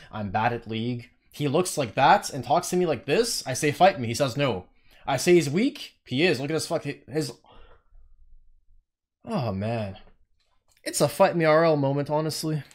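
Young male streamer, profane and indignant, pitch leaping all over the place as he rants. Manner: profane, indignant ranting, bursts into yelling. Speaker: game streamer. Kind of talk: live stream commentary.

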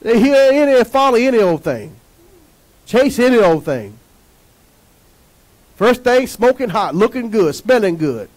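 A man preaching a sermon as pastor, emphatic and lively, asking the congregation to answer back. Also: very high-pitched, unhurried, long pauses, poor audio.

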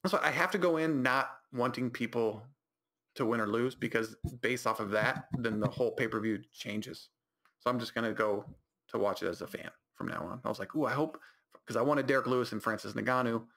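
A man's voice: medium pitch, vocal fry, fairly bright tone. A man hosting his own podcast, telling rambling casual stories with lots of restarts and self-corrections. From California high desert. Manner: rambling storytelling with many restarts. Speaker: podcast host. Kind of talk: casual solo podcast talk.

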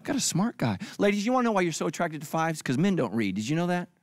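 A man's voice: on the high side, big pitch swings, racing. A middle-aged male pastor giving a comedic sermon, acting out other people's lines for laughs.

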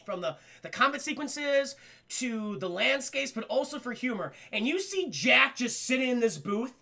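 A man's voice: very high-pitched, big pitch swings, moderate pace, vocal fry, pushed and bright. A man giving a casual live-stream cartoon review, rambling, swearing and acting out scenes for chat. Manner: profane, rambling, talks to chat; acts out scenes in voices.

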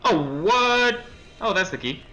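Young male let's-player, bright tense voice, jumpy horror-game commentary full of nervous laughs. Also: high voice, expressive, takes it slowly, a little hiss or hum, poor audio. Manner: jumpy reactions, reading game text aloud, nervous laughs. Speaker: let's play gamer.

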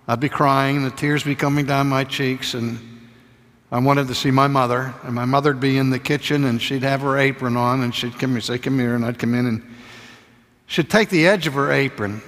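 An older man delivers a sermon lecture at a middle pitch, moving between storytelling and quiet, hushed emphasis. His voice carries a long reverb tail from the hall. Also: steady tone, moderate pace. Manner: storytelling, drops to a hushed voice for tender points. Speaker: preacher lecturing.

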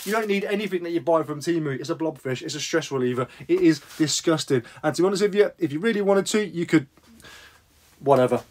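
A man with a British accent chatting casually in a vlog about reselling, jokey and lively. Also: a little high, quick pace, slight background noise. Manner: chatty, jokey, lively bursts of sing-song. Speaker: reseller vlogger.

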